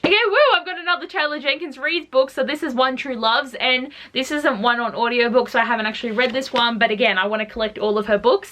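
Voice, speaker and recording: A woman's voice: a little high, pushed and bright. A young woman chatting casually and gushing about her new books as a book vlogger. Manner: bubbly, gushing, fast asides. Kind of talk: casual book haul chat.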